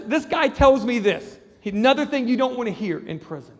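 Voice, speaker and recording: A man doing stand-up comedy, telling an animated story and acting out the people in it. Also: very high voice, normal speed. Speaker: comedian and juggler. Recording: reverberant hall.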